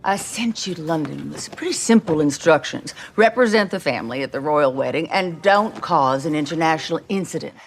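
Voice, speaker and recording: A stern, imperious mother scolds in a lowish voice. The film clip carries a faint hiss of noise. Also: lively intonation, brisk, hardly any pauses. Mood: scolding. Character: imperious woman scolding her son.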